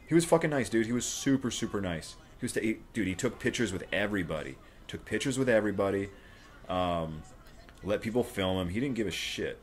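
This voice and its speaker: Deep-voiced, excitable, profane young man. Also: brisk. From Florida, USA. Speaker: livestream host. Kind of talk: live fight watch-along commentary.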